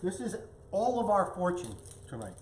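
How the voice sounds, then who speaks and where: Guy doing a home cooking show, kinda high voice, chatty, echoey kitchen. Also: big pitch swings, moderate pace, a little mellow, a little hiss or hum. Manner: chatty, talks while tasting and plating. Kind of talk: casual cooking demonstration.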